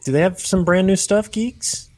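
A man's voice: high-pitched, moderate pace. A man in a casual group chat, teasing a friend.

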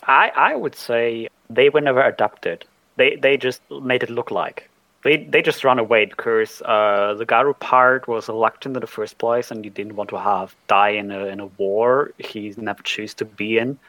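A man with a German accent talking through tabletop game ideas in a halting way, often repeating words while he thinks. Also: medium pitch, fairly even intonation, sharp tone, dry recording, low-quality recording. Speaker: panelist. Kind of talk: casual tabletop game discussion.

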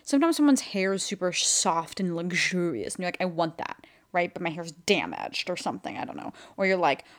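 A young woman co-hosting a podcast in casual chat, reassuring her friend in relaxed, run-on sentences. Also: on the low side, a little fast, few pauses. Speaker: podcast co-host.

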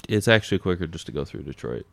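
Young male co-host, very deep voice; dry, teasing, laid-back storyteller. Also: expressive, quick pace, gravelly, fairly bright tone, no room sound. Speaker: podcast co-host. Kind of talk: casual chat, recounting news stories.

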